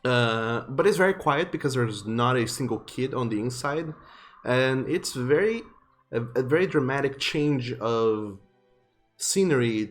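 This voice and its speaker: A man narrating as game master in a tabletop game, casual and loose, with plenty of fillers. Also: medium pitch.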